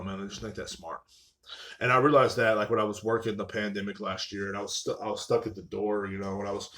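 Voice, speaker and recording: A man hosting a podcast from a live stream, ranting casually with lots of swearing and sounding short of breath. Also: on the low side. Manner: profane, rambling, mocking. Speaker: podcast host. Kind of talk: casual rant. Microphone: live stream mic.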